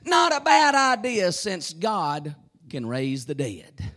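A man preaching a fervent sermon, repeating phrases and breaking into shouts. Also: sits high, wildly swooping pitch, takes it slowly.

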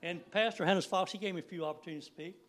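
A man's voice: high voice, rapid-fire, a bit bright. A man in his sixties giving a folksy, rambling church sermon, laughing now and then. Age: 60s. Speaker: lay preacher.

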